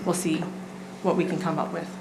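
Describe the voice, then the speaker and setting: A woman with a deep voice and flat, brisk delivery, a city staff member, presents a budget item at a council meeting casually, with many filler ums. She's in the council chamber, and the recording is echoey with background noise.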